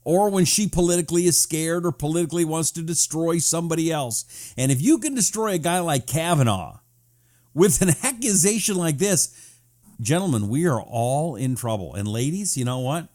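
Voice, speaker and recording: A man hosting a live political talk show, reading viewer comments in a sarcastic, animated way. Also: fairly high pitch, normal speed.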